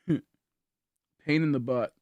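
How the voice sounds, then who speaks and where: A man's voice: mid-range voice, extremely slow, darkish tone, no echo, muffled recording. A tired young man streaming from home, chatting casually with viewers in a rambling, filler-heavy way as he thinks aloud. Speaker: game streamer. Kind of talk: casual livestream chat to viewers. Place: at home, indoors.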